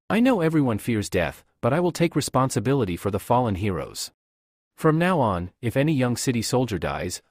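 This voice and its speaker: A man narrating a comic story recap in an even storytelling read. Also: medium pitch, no echo, studio quality.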